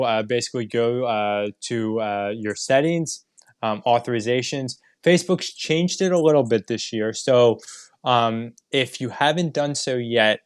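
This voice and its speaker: Smooth-voiced man explaining to trainees. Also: medium pitch, dry recording, studio quality. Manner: explanatory, many fillers and restarts. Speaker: digital marketing trainer. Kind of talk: live online training talk. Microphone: video call.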